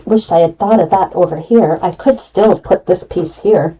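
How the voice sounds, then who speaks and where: A woman's voice: fairly low pitch, normal speed, dark tone, slightly rough, recorded from a distance, low-quality recording. A middle-aged woman running a live craft tutorial, chatty and talking herself through each cut. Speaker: craft demonstrator.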